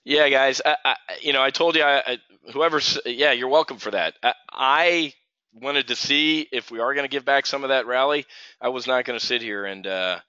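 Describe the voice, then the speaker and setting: A man's voice: medium pitch, normal speed, sharp tone, smooth, dry recording. A middle-aged man from New Jersey hosting a live options trading stream, ranting and replying to viewers in chat by name. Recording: dull lo-fi stream audio.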